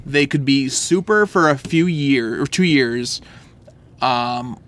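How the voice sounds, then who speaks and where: A man's voice: medium pitch, slow pace, a bit bright. A man co-hosting a casual comic book podcast, enthusiastic and filling his talk with "like" and "uh" as he describes details. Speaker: podcast co-host.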